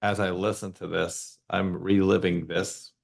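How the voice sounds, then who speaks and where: An older man speaking haltingly and reflectively as a father in an emotional family conversation. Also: low-pitched, level tone, creaky.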